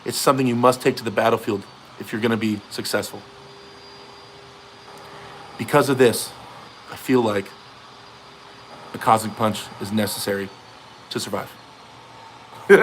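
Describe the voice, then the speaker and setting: A man's voice: on the low side, fairly even intonation, normal speed, long pauses, slight background noise. A man hosting a casual livestream from his garage, joking and reading out viewer messages. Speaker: livestream host. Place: home garage.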